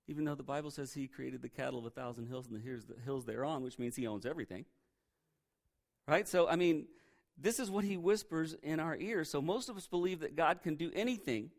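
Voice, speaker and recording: A male pastor preaching a sermon in a church, conversational and full of rhetorical questions. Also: a little high.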